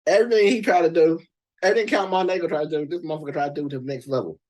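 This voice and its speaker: A man hosting a reaction channel, ranting casually about movie characters in a profane, emphatic, animated way. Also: on the high side, rapid-fire.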